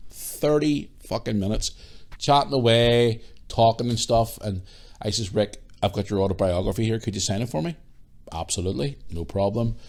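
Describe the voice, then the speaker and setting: A Northern Irish man hosting a podcast, telling a long anecdote casually and swearing freely. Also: lowish voice. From Northern Ireland. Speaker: podcast host. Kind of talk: casual storytelling.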